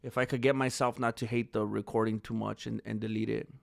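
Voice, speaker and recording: A male YouTuber casually chatting on a livestream and reading viewer comments, shifting from calm musing to loud disbelief. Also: lowish voice, fast, creaky, dry recording, studio quality. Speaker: MMA news YouTuber.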